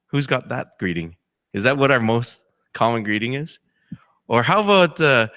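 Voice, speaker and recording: Speaking as a campus chaplain, this man has a medium-pitched, sharp, very animated voice at normal speed, on a dry studio-quality recording. His sermon is conversational, full of questions to the congregation and acted-out quotes.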